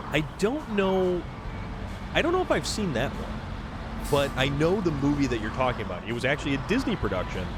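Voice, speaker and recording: A man hosting a livestream, chatting excitedly and answering viewers while he plays a video game. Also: mid-range voice, background noise. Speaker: livestream host. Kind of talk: casual chat while playing a video game.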